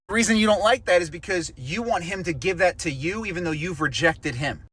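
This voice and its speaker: A man's voice: high voice, bright, forceful tone, low-quality recording. A man preaching an apologetics sermon in an emphatic, rhetorical way with sarcastic asides.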